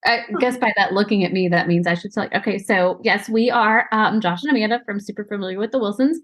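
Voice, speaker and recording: A woman in her forties, a guest podcaster, chatting casually with a rambling, friendly flow. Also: mid-range voice. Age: 40s. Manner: chatty, rambling self-introduction. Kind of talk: casual chat.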